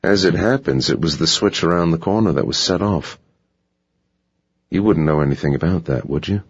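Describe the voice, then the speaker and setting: A man's voice: low voice, moderate pace, breathy edge, lo-fi sound. A man reading an audiobook, voicing a big security guard who speaks sternly and suspiciously.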